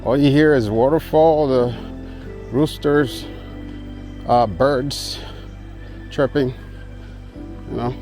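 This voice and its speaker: A man's voice: mid-range voice, fairly even intonation, slow, pauses often, warm tone, faint music behind. A man vlogging casually on a rural trail, out of breath from the climb, easygoing and chuckling, recorded on a handheld camera. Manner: easygoing, chuckles often, greets locals. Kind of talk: casual travel vlog.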